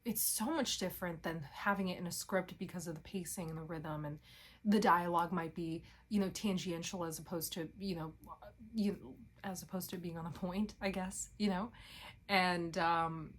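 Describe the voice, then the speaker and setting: A woman's voice: fairly low pitch, steady tone, moderate pace. A young woman vlogging in casual chat, rambling and interrupting herself, with casual swearing.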